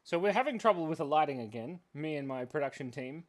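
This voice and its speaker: A man's voice: a little high, lively intonation, fast talker. A man hosting a live drawing stream for kids, chatting playfully and rambling with self-mocking jokes. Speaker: livestream drawing host for kids. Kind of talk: casual live-stream chat.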